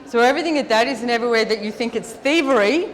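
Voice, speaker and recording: A woman's voice: a little high, very fast. Chatty woman speaking in a reverberant hall. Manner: chatty and lively, with many "like"s. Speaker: featured speaker answering audience questions. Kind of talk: live seminar Q&A talk. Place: large event hall with an audience. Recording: long reverb of a large hall.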